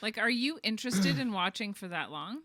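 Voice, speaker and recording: A woman co-hosting a casual podcast, curious and quick to ask questions, on a studio mic. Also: medium pitch, expressive, fairly bright tone, no room sound. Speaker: podcast co-host.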